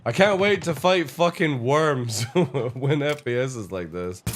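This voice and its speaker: A man's voice: medium pitch, lively intonation, unhurried, hardly any pauses, very noisy. A man streaming live gameplay commentary, ranting, swearing a lot and laughing at the game's flaws. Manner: frustrated, swearing constantly, breaks into laughter.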